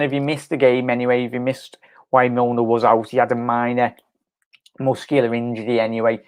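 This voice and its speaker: Rambling fan chatting live. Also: male voice, medium pitch, a little mellow. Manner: rambling, chatty, many fillers and restarts, reads viewer comments aloud. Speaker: fan channel host. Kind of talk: casual live match reaction.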